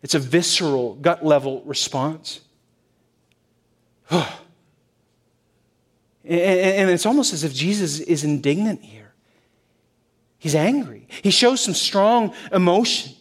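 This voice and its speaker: A male pastor preaching a sermon in a church, shifting between loud emphasis and hushed softness. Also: on the high side, takes it slowly, pauses often, slightly rough. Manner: expressive, swings from loud to hushed.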